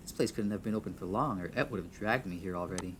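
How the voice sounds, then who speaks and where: A man's voice: sits low, fast talker, background noise. A man reading a visual novel aloud, often tripping over words, restarting lines and laughing at his own slips. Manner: stumbles, restarts, chuckles at himself. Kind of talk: reading game text aloud with asides.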